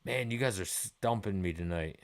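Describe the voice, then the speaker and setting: Speaking at a normal pace in a low voice, a forties-aged man runs a gaming livestream. He rambles easily with his viewers and curses without holding back.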